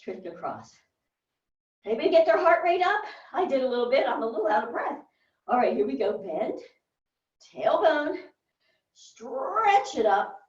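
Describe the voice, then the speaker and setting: A woman's voice: fairly high pitch, a little mellow. A woman leading a workout class, giving short, encouraging movement cues and counts. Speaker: fitness instructor. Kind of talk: guided workout cueing. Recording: roomy, distant and dull.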